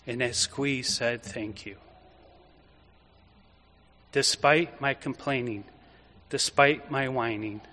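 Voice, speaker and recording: A male priest giving a homily, telling a story vividly and then turning quiet and reflective. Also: medium pitch. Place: church. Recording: echoey church reverb.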